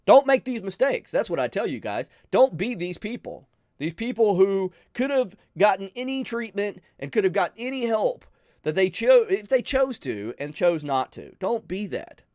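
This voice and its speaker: An emotional man speaks straight to his viewers, pleading with them and pausing to sigh as he goes. His voice sits a little high, and his pitch rises and falls a lot between soft moments and urgent ones. The sound is close and dry, with no room around it. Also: big pitch swings, no echo. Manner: emotional, pleading, with sighs and pauses. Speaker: channel host. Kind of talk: earnest heartfelt talk to viewers.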